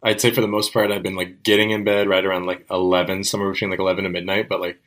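Deep-voiced young man rambling on a podcast. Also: level tone, rapid-fire, a bit bright. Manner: rambling, heavy on "like" fillers. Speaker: podcast co-host. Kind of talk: casual podcast chat.

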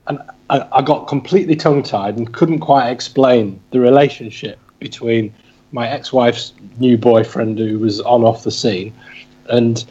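A man's voice: mid-range voice, moderate pace, mellow, slightly rough, muffled recording. A man, a podcast co-host telling wry, self-deprecating anecdotes in a casual way. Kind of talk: casual storytelling.

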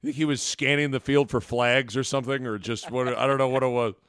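A man co-hosting a casual sports podcast over a video call, animated and mocking, with quick exclamations. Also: mid-range voice, clean tone, no echo, clean studio sound. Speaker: podcast co-host. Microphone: remote video call.

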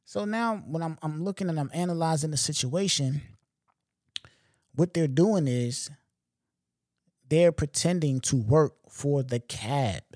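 Unhurried and pausing often, this Long Island man speaks in a slightly high, darkish voice on a dry, clean studio recording. As a podcast host, he spins loose, slangy, profane stories in a relaxed monologue, frequently saying "you know what I'm saying."

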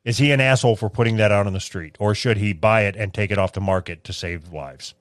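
A man's voice: on the low side, quick pace, no room sound, clean studio sound. A man co-hosting a podcast, talking in crude, profane, mocking banter. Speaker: podcast co-host.

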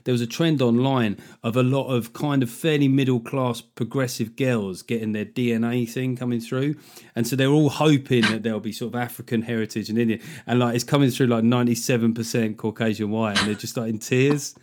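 A man hosts a relaxed podcast conversation with a mid-range voice. He rambles through his questions and slips in jokes at his own expense. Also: mid-range voice, fairly quick, slight background noise. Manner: chatty, jokey, rambling questions. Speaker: podcast host. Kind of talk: casual podcast interview.

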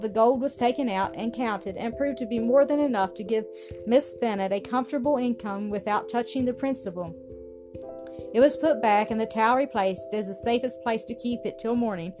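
Lady reading a bedtime story, kinda high voice, music playing under it. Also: moderate pace. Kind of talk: scripted narration of a classic story.

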